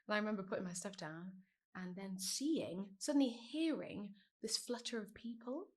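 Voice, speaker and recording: A woman in her thirties, a guest on a podcast, telling a story in a lively, animated way and laughing as she goes. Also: medium pitch, normal speed. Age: 30s. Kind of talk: casual storytelling chat.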